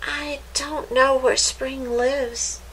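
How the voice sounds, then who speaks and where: A woman's voice: high voice, flat delivery, extremely slow, fairly bright tone, breathy edge, voice pushed up, heavily acted, poor audio. A woman voicing a helpful male mole in a children's story, puzzled and matter-of-fact.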